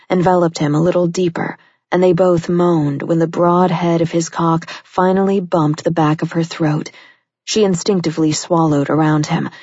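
A woman with a low, breathy voice reads audiobook prose in an even, intimate manner. She sits close to a dry mic with no room sound. The recording is a little dull and lo-fi. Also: dry recording. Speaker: audiobook narrator. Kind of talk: scripted audiobook narration.

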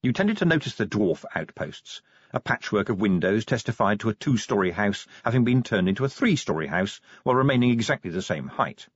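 A man narrating an audiobook with an expressive, varied delivery. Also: fairly low pitch, brisk, breathy edge, dry recording. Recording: dull, muffled dry recording.

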